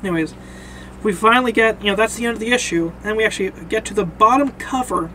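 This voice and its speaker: A young man with a high voice casually talking through a comic book review. He rambles, repeats himself, and leans on fillers. There is a faint hiss of noise behind him. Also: fast talker, sharp tone, low-quality recording.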